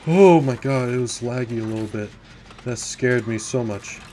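A man's voice: medium pitch, normal speed, warm tone, a little hiss or hum. A man giving casual commentary while playing a horror game. He talks jittery and nervous, slipping from mumbled worry into sudden swearing and sometimes dropping to a whisper. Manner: drops to a whisper at times. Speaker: gaming YouTuber.

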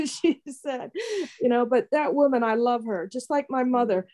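A woman's voice: on the high side, normal speed, dark tone. A woman in her sixties sharing a personal testimony with a Bible study group, rambling and heartfelt with many fillers. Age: 60s.

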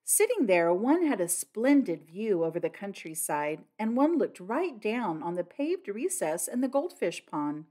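Woman narrating with lively expression. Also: medium pitch, measured pace, few pauses. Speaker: audiobook narrator. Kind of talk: scripted audiobook narration.

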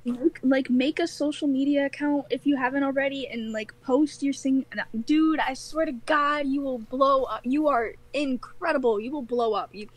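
Gushing high-voiced young woman. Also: fairly even intonation, normal speed, hardly any pauses. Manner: gushing, enthusiastic, full of "like". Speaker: stranger on video chat. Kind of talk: casual video chat. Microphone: laptop or phone on video chat.

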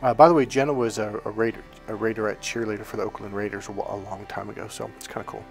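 A man's voice: fairly low pitch, fairly even intonation, fast, vocal fry, soft background music. A man teaching as a spiritual coach, talking casually, telling rambling stories and often checking in with "okay?". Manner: rambling anecdotal storytelling.

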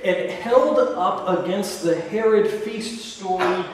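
Male pastor, relaxed conversational sermon; long hall reverb, faint noise underneath. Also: sits high, slow. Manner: conversational preaching with asides and quoted dialogue. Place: large church sanctuary. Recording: echoey church hall from far off.

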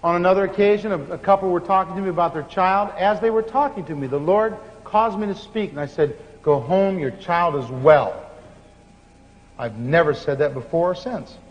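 A man preaching, telling stories with animated laughter. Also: high voice, moderate pace. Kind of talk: sermon storytelling. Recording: muffled hall recording with faint hiss.

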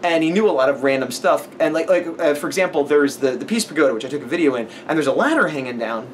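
A man's voice: fairly high pitch, expressive, quick pace, a little hiss or hum. A man vlogging casually outdoors on an evening walk, rambling and self-deprecating, with many fillers. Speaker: comic artist vlogger. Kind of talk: casual vlog talk.

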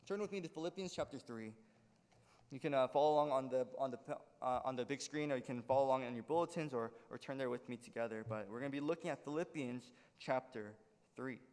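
A man's voice: mid-range voice, fast, a little mellow, clear, resonant tone, big-room sound. A male pastor preaching a sermon in an earnest way, often checking in with "right?" as he explains. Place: church sanctuary.

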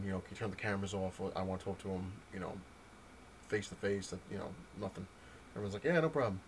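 A man casually talking through a comic book storyline, rambling with frequent ums and restarts and animated retellings. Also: lowish voice, slight background noise, poor audio. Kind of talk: casual comic review talk.

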